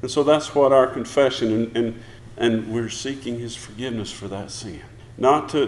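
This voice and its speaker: A man's voice: mid-range voice, reverberant. A man preaching a sermon in a church, putting questions to the congregation and acting out short prayers. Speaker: pastor. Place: church sanctuary.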